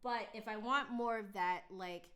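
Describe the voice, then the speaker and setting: A woman hosts a relaxed live stream from her home studio, talking slowly and unhurriedly into a close microphone. She explains things at length, pausing for many "um"s and "like"s in a casual, chatty way. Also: medium pitch. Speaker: flutist hosting a live stream. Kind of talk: casual chat. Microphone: close mic, gain changed during talk.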